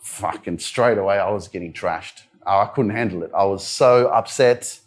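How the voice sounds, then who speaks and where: Young Australian motivational speaker, candid and loose, filler-heavy storytelling at a live event. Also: male voice, low voice, normal speed. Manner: candid storytelling, frequent "like" and "you know" fillers. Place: wellness centre event room.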